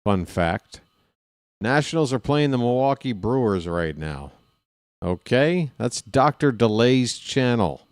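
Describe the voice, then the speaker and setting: Male stream host, unhurried rambling chat, clean dry voice on a close mic. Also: mid-range voice, very animated, smooth, no room sound. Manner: chatty, rambling, joking asides to chat. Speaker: baseball live-stream host. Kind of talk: casual post-game stream chat.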